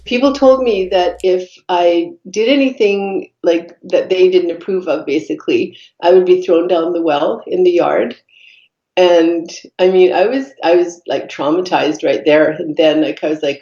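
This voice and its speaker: A woman, a podcast guest telling her life story in an earnest, reflective way, pausing often with fillers. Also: lowish voice, mellow. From Canada. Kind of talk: personal storytelling in conversation. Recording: dull echoey room recording.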